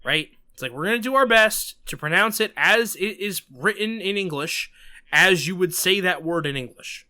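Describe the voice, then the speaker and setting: A man's voice: high-pitched, animated, normal speed, sharp tone. A man with a New York accent hosting a podcast, chatting casually with emphatic, sarcastic asides. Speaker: podcast host.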